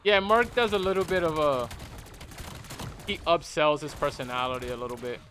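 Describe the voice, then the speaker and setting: At normal speed and a fairly high pitch, this man streams a game and shares casual, blunt takes, with a faint hiss or hum in the audio. He is animated and often repeats himself.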